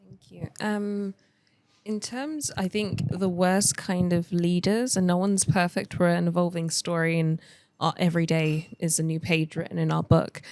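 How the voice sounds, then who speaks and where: Thoughtful young woman, lowish voice, dry. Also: dry recording. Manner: thoughtful, measured, with frequent fillers. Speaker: family podcast guest. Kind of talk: casual discussion.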